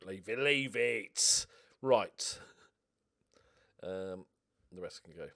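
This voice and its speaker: A man giving casual gaming commentary as a streamer, getting excited and swearing as he cheers on his team. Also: low voice, very slow, long pauses. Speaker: game streamer.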